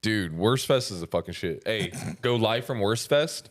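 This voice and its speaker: A man's voice: on the low side, lively intonation, normal speed. A man co-hosting a casual podcast chat, telling stories full of swearing and laughter. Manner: profane, laughing storyteller. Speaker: podcast co-host.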